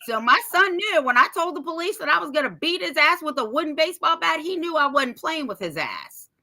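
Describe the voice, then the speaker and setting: A woman's voice: high voice, big pitch swings, a little fast, pushed and bright. A middle-aged woman co-hosting a podcast, talking bluntly and profanely in casual chat and laughing often. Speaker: podcast co-host.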